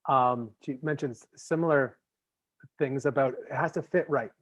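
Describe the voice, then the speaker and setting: A Canadian podcast host chats casually with an interview guest, rambling with lots of fillers and restarts. His medium-pitched voice is unhurried, and the lo-fi audio sounds slightly muffled.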